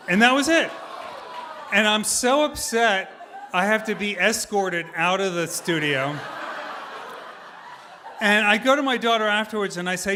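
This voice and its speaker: A man telling a personal story live on stage, animated and self-deprecating, often laughing as he talks. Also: high-pitched, moderate pace, slight background noise.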